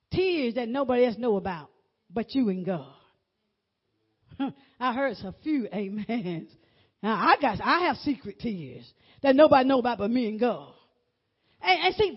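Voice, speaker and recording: A woman's voice: fairly high pitch, slightly rough. Fervent preaching woman, lo-fi sermon. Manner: fervent, repeats words, calls out to congregation. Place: church before a congregation. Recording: dull lo-fi recording.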